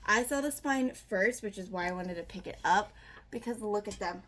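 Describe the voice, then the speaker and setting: A young woman vlogging an unboxing, gushing and breathless with excitement, repeating herself. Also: medium pitch, moderate pace. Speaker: book vlogger.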